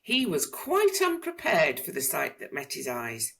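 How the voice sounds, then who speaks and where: A woman reading a children's picture book aloud in an expressive, sing-song manner. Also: deep voice, unhurried, gravelly. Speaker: storyteller.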